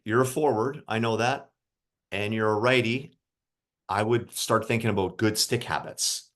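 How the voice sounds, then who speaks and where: A man coaching a group of young hockey players over a video call, casual and encouraging, asking them questions. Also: fairly low pitch. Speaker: youth hockey mental coach. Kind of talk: online group coaching session.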